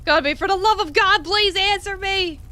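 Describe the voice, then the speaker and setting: Woman voicing a frantic young hero in a video game, high bright shouts, panicked and pleading. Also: normal speed. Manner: frantic, shouting and sobbing in despair. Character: panicked young hero trapped in a burning building.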